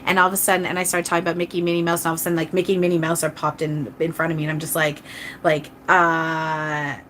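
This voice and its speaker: Fast-talking and deep-voiced, a woman channeler keeps a level, slightly bright tone as she gives live readings on a stream. Her chat is casual, earnest and rambling, with many restarts and frequent apologies to viewers. A little hiss or hum is audible.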